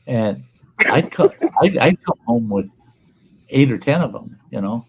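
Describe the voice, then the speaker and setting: Profane, animated male storyteller. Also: mid-range voice, unhurried, gravelly, breathy edge. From Upper Midwest United States. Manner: profane, animated storyteller acting out quoted people. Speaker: host. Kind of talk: casual storytelling chat.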